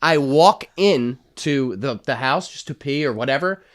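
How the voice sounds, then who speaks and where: A male comedian telling family stories on a podcast, animated and swearing freely. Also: medium pitch, unhurried. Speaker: comedian guest. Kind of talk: casual podcast storytelling.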